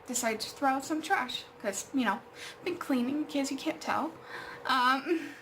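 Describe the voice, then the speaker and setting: A woman's voice: high voice, unhurried, a bit bright, a little hiss or hum. A young adult woman vlogging at home, telling an exasperated story full of fillers and swearing. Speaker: art vlogger. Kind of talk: casual storytime vlog.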